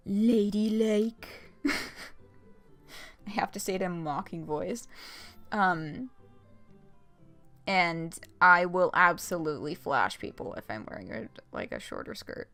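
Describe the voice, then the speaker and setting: A woman's voice: on the low side, creaky, sharp tone. A young adult woman streaming a game, chatting casually and rambling with lots of fillers and laughs. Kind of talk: casual let's-play chat.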